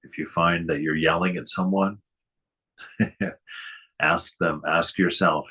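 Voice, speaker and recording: Low, husky-voiced man giving gentle spiritual talk. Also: steady tone, slow, pauses often. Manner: gentle, asks many rhetorical questions, chuckles often. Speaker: spiritual teacher giving commentary.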